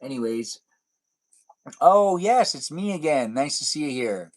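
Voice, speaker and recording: A man hosting a livestream in casual, playful chat, rambling and sometimes drawing words out slowly. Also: fairly high pitch, expressive. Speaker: livestream host.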